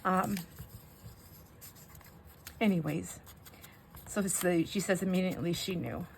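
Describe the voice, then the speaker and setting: Rambling, lowish-voiced older woman vlogger. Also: slow pace, gravelly, slight background noise. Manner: rambling, sidetracked, emotional. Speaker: crafting vlogger. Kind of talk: casual chat while crafting.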